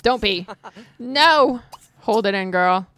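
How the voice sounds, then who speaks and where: Woman doing chatty gameplay commentary, excitable and dramatic, talks to viewers. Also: mid-range voice, takes it slowly. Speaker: gaming video creator.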